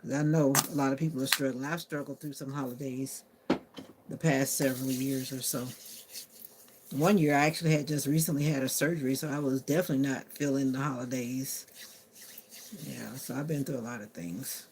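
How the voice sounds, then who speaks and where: A woman's voice: very deep voice, steady tone, brisk, a little mellow, a little hiss or hum. A woman chatting casually on a live stream, answering viewer comments aloud and talking to her phone. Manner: talks to her phone assistant.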